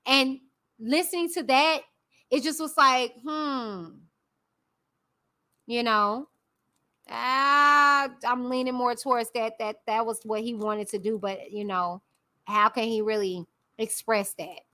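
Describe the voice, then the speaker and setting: Bright, high-voiced woman giving blunt commentary. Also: slow pace, long pauses. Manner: candid, opinionated, talks directly to viewers. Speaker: YouTube commentary host. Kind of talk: casual live-stream commentary.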